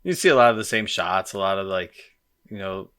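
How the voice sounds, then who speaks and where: Sick male co-host, very low voice, dry joker in casual chat. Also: expressive, a little fast, a bit bright, clean tone. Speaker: podcast co-host. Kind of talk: casual movie-review chat.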